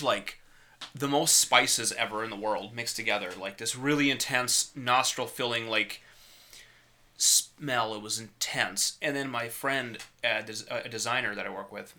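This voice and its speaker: A young man co-hosting a casual podcast, telling a story in a profane, animated way. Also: mid-range voice. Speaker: podcast co-host. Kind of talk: casual chat.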